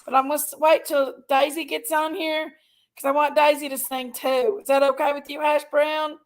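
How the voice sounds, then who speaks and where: A woman's voice: high-pitched, level tone, normal speed. A woman hosting a casual livestream, affectionately greeting viewers one by one by name and sometimes sounding tearful. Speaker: livestream host.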